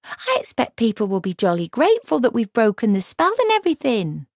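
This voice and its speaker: A woman's voice: fairly high pitch, wildly swooping pitch, a little fast, no echo, studio quality, pitched above the performer's own voice, heavily acted. A woman voicing a timid, earnest young witch who speaks hesitantly. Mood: persistent. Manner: hesitant, pleading.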